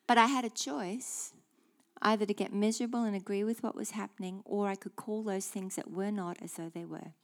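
A woman delivers a sermon with emphatic, declarative force. Her voice sits at a middling pitch, and she now and then drops into hushed, breathy asides. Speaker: preacher.

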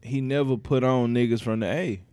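A man's voice: mid-range voice, moderate pace, a little mellow, smooth. A man from South Carolina hosting a podcast, talking loosely and laughing with his friends in casual chat. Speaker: podcast host.

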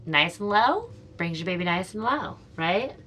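A woman's voice: lowish voice, expressive, normal speed, sharp tone, slightly rough. A woman talking as a birth educator on a casual podcast chat, playful and demonstrative. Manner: playful, demonstrates sounds and laughs.

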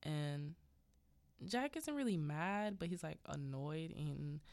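A woman with a low, darkish voice and lively intonation speaks slowly in a dry recording. Hosting a podcast, she casually rambles through a movie recap, laughing between lines and using fillers like "yada yada." English is not her first language.

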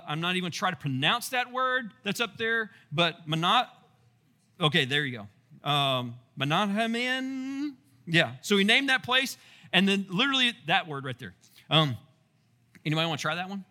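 A male pastor giving a casual Bible teaching, telling the story in a playful, animated way with asides to the congregation. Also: high-pitched, moderate pace.

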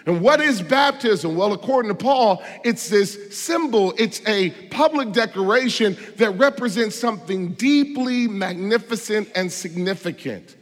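A man preaches in a somewhat high voice, pressing his points with rhetorical questions and emphatic stresses. His words carry a long reverb through the church sanctuary. He moves from loud declarations to hushed, earnest asides. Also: lively intonation, a little slow, hardly any pauses. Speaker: pastor. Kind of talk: sermon.

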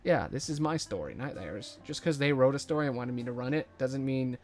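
A man's voice: mid-range voice, lively intonation, a little fast, a little mellow, soft background music. Irreverent male game master. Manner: casual, irreverent. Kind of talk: running a tabletop game.

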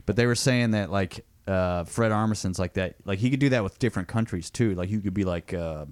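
A man co-hosting a podcast, chatting casually, animated and laughing often. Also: deep voice, fairly quick, no echo. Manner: animated, laughs often, slips into mock accents. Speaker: podcast co-host. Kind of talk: casual chat.

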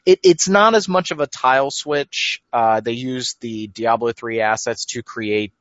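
A man's voice: medium pitch, measured pace, fairly bright tone, dry recording, lo-fi sound. A man on a casual gaming podcast, rambling enthusiastically and often cutting himself off mid-sentence. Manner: rambling, self-interrupting, enthusiastic. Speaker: podcast co-host.

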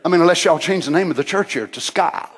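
A man preaching a sermon, fervent and building to shouts. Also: a little high, quick pace, breathy edge.

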